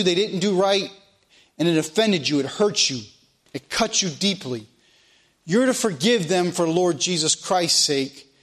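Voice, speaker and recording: Male preacher, high-pitched, folksy sermon delivery with emphatic repetition. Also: a bit bright. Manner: folksy, repeats phrases for emphasis.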